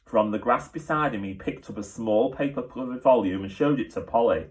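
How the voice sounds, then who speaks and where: A man, a teacher, reading a children's book aloud with steady, clear storytelling. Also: medium pitch, a little fast.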